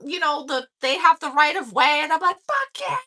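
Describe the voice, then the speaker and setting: Casual livestream host, a woman in her forties; high, tense tone, swearing freely through a tale. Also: fairly quick. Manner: profane and animated, laughing through stories. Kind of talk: casual storytelling.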